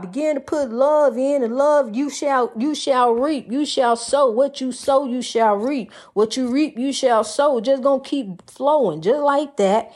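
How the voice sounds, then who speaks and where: A woman giving a rhythmic, preachy monologue, repeating her phrases and calling the listener honey. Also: sits high. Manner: lively, swings between loud and soft.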